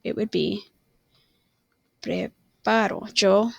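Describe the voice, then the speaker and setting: A woman's voice: medium pitch, fairly even intonation, slow, vocal fry, no room sound, muffled recording. A woman teaching a recorded online lesson, rambling and often stopping to correct herself. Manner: self-correcting, apologetic, rambling. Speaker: Spanish teacher.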